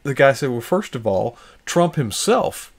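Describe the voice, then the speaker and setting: A man's voice: medium pitch, big pitch swings, unhurried, vocal fry. A man in a casual political chat, reflective and hesitant, thinking aloud as he speaks.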